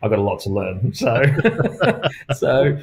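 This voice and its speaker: A man's voice: medium pitch, slow. A man with an Australian accent, a golf pro and coach talking as a guest in a casual interview, telling stories and acting out quoted dialogue with frequent laughs. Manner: lively storyteller who acts out quoted dialogue; laughs often while talking.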